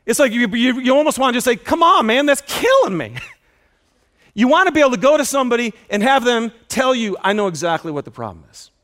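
A man preaching a sermon in an auditorium, telling stories with lively acted-out dialogue. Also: fast talker, few pauses. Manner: animated storytelling, acts out dialogue with loud high shouts. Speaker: pastor.

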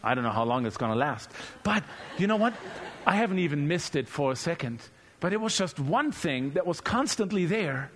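A male preacher delivering a relaxed, humorous sermon who often repeats words as he speaks off the cuff. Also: a little high, a little fast, slight background noise. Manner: conversational and humorous, repeats words while searching.

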